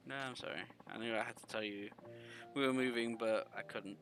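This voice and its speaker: A man voicing a young girl who is moving away, read aloud in a soft, regretful way. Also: medium pitch, steady tone, fairly quick, music in the background, natural voice. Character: young girl leaving with her family.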